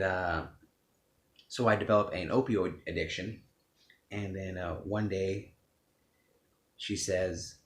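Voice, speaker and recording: A man's voice: low voice, a bit bright, reverberant, a little hiss or hum. A man telling his own story of addiction in a blunt, profane, unpolished way, often restarting his sentences. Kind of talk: personal testimony speech.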